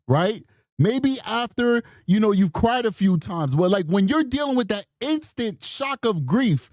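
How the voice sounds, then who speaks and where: Man, true crime stream host, high swooping voice, emphatic, mocking, dry close mic. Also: a little mellow, dry recording. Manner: emphatic, mocking, mimics people in bursts. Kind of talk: animated live-stream commentary.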